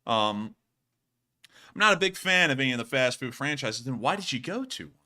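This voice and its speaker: A man's voice: mid-range voice, a little fast. A man hosting a casual livestream, joking and saying "y'all". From Alabama, US. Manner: joking, animated, drawling "y'all". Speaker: host.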